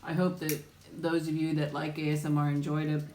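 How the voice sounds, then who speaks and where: Her voice is deep, the delivery flat and fairly quick, and the sound is roomy with slight background noise. Hosting a casual mukbang livestream, she greets viewers by name in a chatty, warm way, with frequent ums and little laughs.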